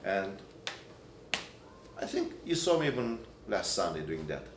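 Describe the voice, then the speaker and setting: A man teaching a Byzantine chant class, explaining in halting phrases and breaking into short sung examples. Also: low voice, very animated, background noise. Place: church hall or classroom. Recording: echoey room, recorded from a distance.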